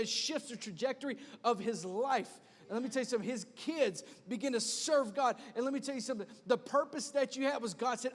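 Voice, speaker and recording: A man in his thirties preaching a sermon as pastor, conversational and animated, with a repeated refrain. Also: very high voice. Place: large church hall. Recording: long hall reverb.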